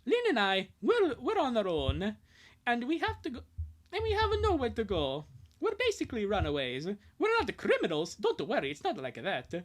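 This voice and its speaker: A woman's voice: fairly high pitch, wildly swooping pitch, moderate pace, pitched above the performer's own voice. A woman voicing an earnest young boy on the run, asking for help in a pleading tone during a fan reading.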